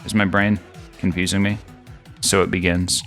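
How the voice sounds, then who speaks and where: Brief: deep, bright-toned male host, rambling jokey game commentary, faint music underneath. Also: level tone, normal speed. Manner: rambling, jokey, thinks out loud. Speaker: gaming video host.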